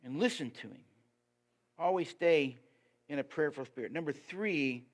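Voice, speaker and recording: A man giving a sermon as a guest preacher, lively and emphatic, putting rhetorical questions to the congregation. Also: normal speed. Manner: lively and emphatic, pitch rising on key points.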